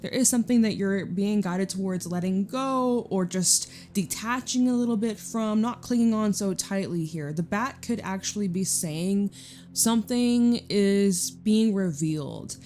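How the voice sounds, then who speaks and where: A woman's voice: medium pitch, measured pace, darkish tone, slight background noise. A young Canadian woman giving a casual, chatty tarot reading, stretching out emphatic phrases. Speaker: tarot reader. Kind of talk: intuitive tarot reading to camera.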